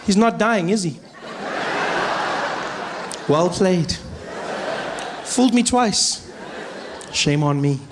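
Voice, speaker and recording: A South African man in his thirties doing stand-up on a large theatre stage, telling stories with animated, rising punchlines. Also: fairly high pitch, noisy background. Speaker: stand-up comedian. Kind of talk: stand-up comedy.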